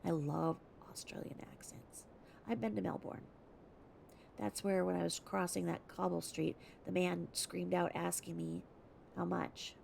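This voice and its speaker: Gravel-voiced American woman rambling casually. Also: lowish voice, fairly even intonation, unhurried, darkish tone, slight background noise. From United States. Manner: chatty, rambling asides, slips into whispers. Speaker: reader and video host. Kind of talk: casual commentary between readings.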